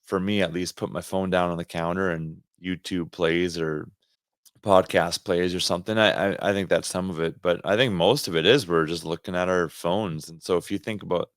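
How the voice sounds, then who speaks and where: A man's voice: low voice, fairly even intonation, normal speed, no room sound, studio quality. A Canadian man co-hosting a faith podcast, talking earnestly in a rambling, casual way with restarts. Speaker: podcast co-host.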